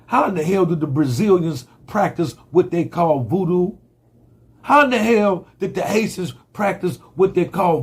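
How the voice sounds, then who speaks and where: A man's voice: high voice, breathy edge. A man giving a fiery, profane monologue full of rhetorical questions. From United States. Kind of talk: impassioned monologue.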